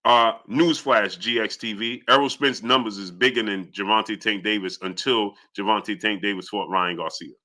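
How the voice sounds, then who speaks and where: Young male boxing streamer, sharp bright tone, heated and combative with chat. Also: steady tone, moderate pace, hardly any pauses. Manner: heated, argumentative, rising pitch when indignant. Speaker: boxing channel host. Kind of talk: live-stream commentary.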